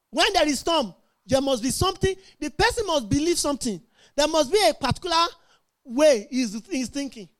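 High-pitched woman preaching. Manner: emphatic, call-and-response with congregation. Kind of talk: sermon.

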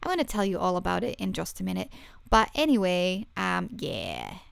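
A woman's voice: on the low side, wildly swooping pitch, moderate pace, creaky, clean tone, no echo. A woman hosting her own podcast, talking casually and playfully to listeners, poking fun at herself, with plenty of ums. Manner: chatty, playful, self-mocking, lots of fillers. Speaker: podcast host.

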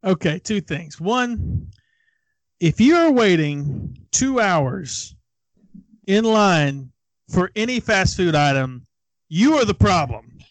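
A man's voice: sits high, slow pace, no room sound. A man co-hosting a casual talk show, telling stories with emphatic energy. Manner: animated storyteller, emphatic. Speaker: co-host. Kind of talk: casual radio chat.

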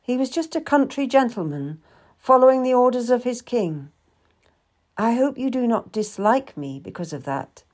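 A woman's voice: on the high side, big pitch swings, moderate pace, pitched above the performer's own voice. Woman reading as a charming young male secretary. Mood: courteous. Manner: gentle, polite, courteous. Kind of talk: audiobook reading.

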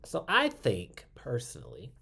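A man's voice: mid-range voice, wildly swooping pitch, measured pace, gravelly, pushed and bright, slightly rough. Man, podcast co-host, casual chat, laughs a lot, mid-range voice. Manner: chatty, laughs often, swears casually.

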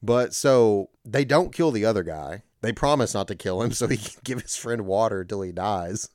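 A man's voice: on the low side, normal speed, a little mellow, no room sound, clean studio sound. A man co-hosting a podcast, recapping a film plot in a loose, rambling way. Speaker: podcast co-host. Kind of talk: casual chat.

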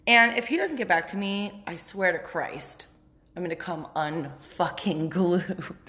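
A woman giving a candid, profane solo podcast update, chatty and quick to laugh. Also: lowish voice, pushed and bright. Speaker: podcast host. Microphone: phone app.

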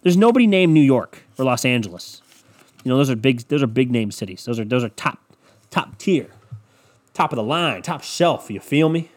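Here the young Cleveland podcaster has a mid-range, sing-song voice at a moderate pace. Alone in a home room with open windows, he rambles, swears, and rants sarcastically in a scatterbrained way.

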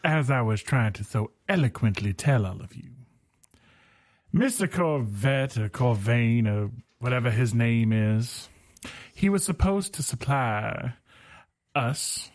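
A man's voice: mid-range voice, animated, slow. A man doing a flirty Southern belle. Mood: flirtatious. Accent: put-on Southern US. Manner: syrupy, flirtatious, theatrical. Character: flirtatious Southern belle woman, a healer's handmaiden.

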